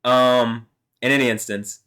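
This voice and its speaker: A man's voice: medium pitch, fairly even intonation, unhurried, bright, forceful tone, clear, resonant tone. A man vlogging alone, talking in a meandering, heated way with lots of fillers and some swearing. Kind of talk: rambling solo monologue.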